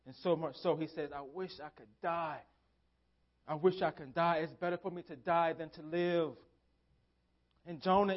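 A man's voice: fairly high pitch, dull audio. Man preaching with emphatic repetition. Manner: emphatic preaching with repeated phrases. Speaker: pastor. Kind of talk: sermon. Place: church sanctuary.

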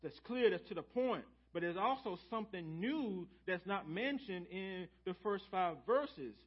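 In the church sanctuary, a male pastor preaches with an animated, high-pitched voice that has a breathy edge and runs a little slow, on lo-fi sound. He uses call-and-response, calling out to the congregation and repeating key phrases for emphasis.

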